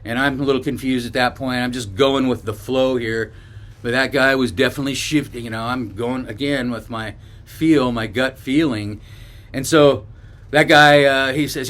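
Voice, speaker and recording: A man's voice: medium pitch, steady tone, moderate pace, a bit bright. Rambling man telling a road story. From northern California. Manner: rambling, loose, with many restarts and asides. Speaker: bikepacking vlogger. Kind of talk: casual storytelling to camera.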